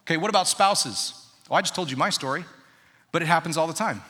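A man's voice: on the high side, quick pace, pushed and bright. A man in his thirties preaching a sermon as pastor, talking conversationally and quizzing the congregation in a large church auditorium. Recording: reverberant church hall.

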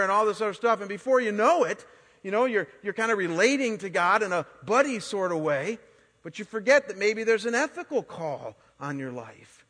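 A man in his forties, a pastor preaching a sermon and telling stories in an animated way, often restarting his words. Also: sits high, normal speed. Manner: animated storytelling with frequent word restarts. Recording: long hall reverb.

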